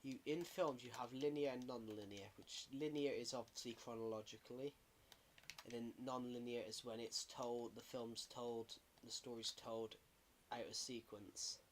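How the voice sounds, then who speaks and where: A man's voice: mid-range voice, fairly even intonation, moderate pace, slight background noise. Rambling man streaming a game. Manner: rambling, self-correcting, chatty. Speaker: gaming livestreamer. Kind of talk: casual livestream chat while gaming.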